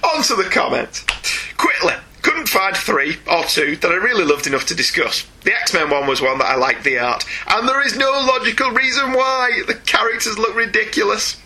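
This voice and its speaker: Male co-host, playful mail reader; bright, husky tone. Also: high-pitched, very animated, moderate pace, low-quality recording. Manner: playful, laughs often, reads mail aloud. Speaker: podcast co-host reading listener email. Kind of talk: casual chat.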